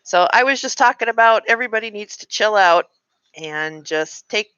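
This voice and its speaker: Frank woman nearing fifty, bright voice. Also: mid-range voice, lively intonation, moderate pace, no echo, lo-fi sound. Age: 40s. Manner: frank, venting, talks straight to viewers. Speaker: livestream host. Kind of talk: casual live-stream chat.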